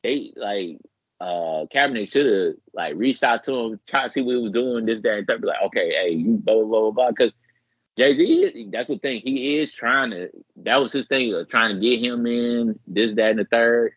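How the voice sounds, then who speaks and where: A man co-hosting a podcast in casual chat, rambling and profane, jumping way up in pitch when he acts out what others said. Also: normal speed, husky, dry recording. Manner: rambling, profane, animated quoting with big pitch jumps. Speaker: podcast co-host. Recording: muffled lo-fi podcast audio.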